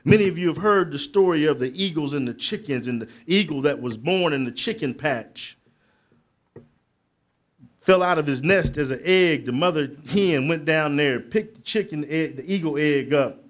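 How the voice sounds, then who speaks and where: A man's voice: on the high side, expressive, moderate pace. Emphatic middle-aged motivational speaker, man. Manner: preacherly, building to loud emphatic peaks; conversational asides to the crowd. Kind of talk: motivational speech to youth. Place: conference hall.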